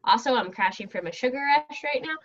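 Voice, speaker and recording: A woman's voice: a little high, animated, quick pace. A woman player speaking in character in a tabletop game, rambling and explaining in a rush of clauses. Her voice comes through dull, lo-fi video call audio. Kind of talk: in-character tabletop role-play.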